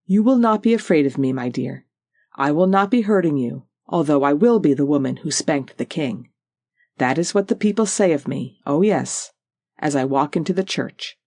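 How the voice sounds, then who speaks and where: An audiobook narrator voicing a proud, tall old Highland widow with a Scottish Highland accent and a rich, powerful, lilting voice. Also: lively intonation, moderate pace, a little mellow, no room sound, clean studio sound. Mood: firm. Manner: stately, lilting, repeats "oh yes".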